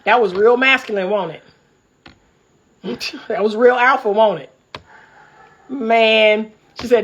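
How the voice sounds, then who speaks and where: A woman's voice: sits high, measured pace, sharp tone, muffled recording. A woman relationship coach, giving fired-up, preachy commentary straight to her viewers from a room at home, laughing often. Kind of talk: casual commentary vlog. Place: upstairs room by a window at home.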